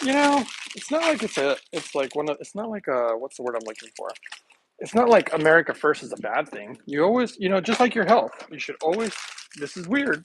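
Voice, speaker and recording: A man vlogging while making a smoothie, talking in a playful, rambling way to his viewers and laughing often. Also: on the high side, noisy background. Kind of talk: casual rambling monologue to camera.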